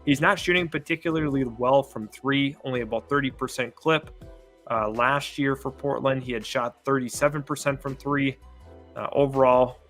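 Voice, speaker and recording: A man's voice: mid-range voice, steady tone, normal speed, fairly bright tone, faint music behind. A man co-hosting a live basketball stream, analyzing a breaking trade and thinking aloud. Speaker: co-host. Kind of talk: live sports talk.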